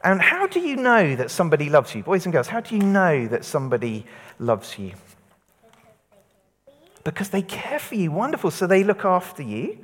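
In a church hall, a man gives an all-age church talk, leading lively call-and-response as children and adults repeat words back to him. His voice is high-pitched at a normal speed, trailed by a long reverb tail.

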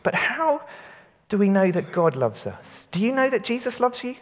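A man's voice: high-pitched, normal speed, long reverb tail. A man preaching an all-age church talk, getting children and adults to say words back to him. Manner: lively, interactive, leading call-and-response. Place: church hall.

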